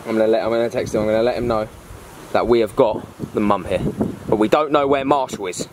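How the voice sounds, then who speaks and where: A man's voice: fairly low pitch, fast talker. Confrontational man on a noisy street. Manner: confrontational, keeps telling people to calm down. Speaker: host and lead of a scripted street film. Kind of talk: acted first-person drama. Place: outdoors in town streets. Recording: outdoor noise, traffic.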